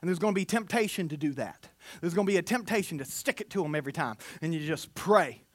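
A preacher giving an animated sermon, telling stories with humor and sometimes slipping into mock voices. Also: medium pitch, fast, no echo.

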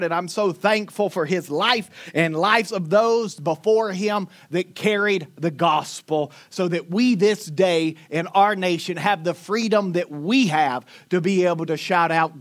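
A man's voice: sits high, a bit bright. A man with a thick Southern accent preaching a sermon in a folksy, chatty, self-mocking way. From Florida Panhandle, US. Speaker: pastor. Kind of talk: sermon with storytelling.

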